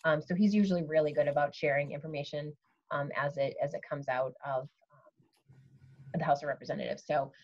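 A woman school official, giving measured updates on a video call with many ums. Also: low-pitched, fairly even intonation, darkish tone, muffled recording. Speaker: school superintendent. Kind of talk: virtual meeting update.

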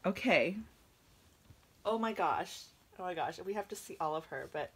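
A woman vlogging an unboxing to her viewers, gushing and excitable, with a slight cough from a coming cold and moments where she drops to a hush. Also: fairly low pitch, moderate pace, slightly rough. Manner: gushing, excitable, drifting into hushed whispers. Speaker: reborn doll collector vlogger. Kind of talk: unboxing vlog, talking to viewers.

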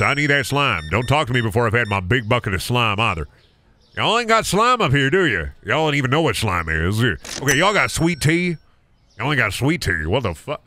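A man voicing a loud, demanding man customer hunting through a grocery store. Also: medium pitch. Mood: outraged. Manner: drawling, demanding, repetitive.

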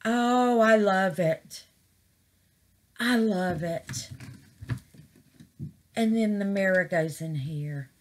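Woman, slow, exclaiming crafting vlogger. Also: mid-range voice. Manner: excited, exclaiming, calls viewers "babies". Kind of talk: casual chat to camera.

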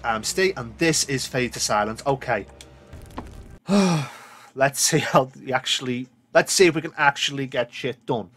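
A man's voice: medium pitch, measured pace, a bit bright, a little hiss or hum. A man with a sweary, exasperated manner, commentating his own gameplay and talking back to the game. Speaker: gaming YouTuber.

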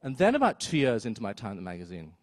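A man telling a story on stage at a live event, wry and self-mocking, with quick asides and acted-out quotes. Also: lowish voice, huge pitch swings, dry recording, clean studio sound. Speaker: storyteller, film critic. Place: theater stage before an audience.

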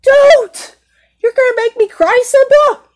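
A woman voicing a tearful, fretful young lioness in an amateur fan role-play, with a high, whiny, flustered delivery. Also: measured pace.

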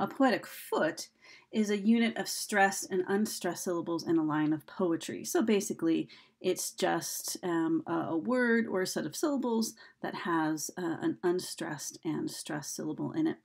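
A woman's voice: lowish voice, normal speed, creaky, darkish tone, breathy edge. A woman teacher giving a recorded slideshow lesson, chatty and full of ums and uhs. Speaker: high school English teacher.

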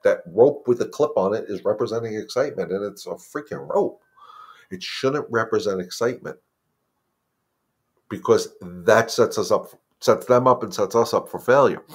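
A man's voice: fairly low pitch, breathy edge. A man, the head dog trainer, giving plain-spoken, emphatic advice in a casual live Q&A and often repeating words as he thinks.

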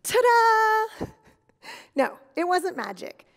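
A woman giving a children's sermon at church, telling stories in an animated, exaggerated way for kids. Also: sits high, a little slow. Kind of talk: kid's sermon with acted skit. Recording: long reverb in a hall.

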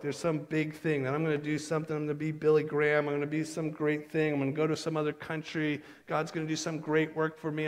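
Animated pastor in a reverberant church. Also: male voice, a little high. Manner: animated, acts out dialogue in quick asides. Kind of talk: sermon. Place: church sanctuary. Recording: long church hall reverb.

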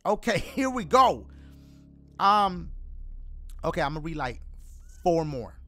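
Bright high-voiced streamer man, slangy. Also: big pitch swings, a little slow. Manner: loose slangy banter with joking asides. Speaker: gaming streamer. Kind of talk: casual livestream chat reading donations.

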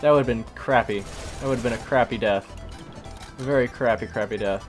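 With game sounds and music in the background, a fatigued man rattles off casual, wandering commentary on his gameplay at a fairly quick pace. His voice is mid-range, and he talks to himself, swapping profanity for gentler substitutes.

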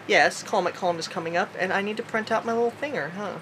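A woman's voice: mid-range voice, fast, fairly bright tone, a little hiss or hum. A woman vlogging alone from her bedroom at night, rambling in a silly way with sudden squeals and sing-song bits. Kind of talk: goofy solo vlog.

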